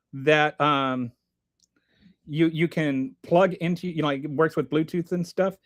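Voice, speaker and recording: Guy doing a casual stream, reads chat and riffs on it, kinda high voice, lots of stumbles and restarts. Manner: rambling, animated, with restarts and asides. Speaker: livestream host reading chat. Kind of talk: casual political commentary.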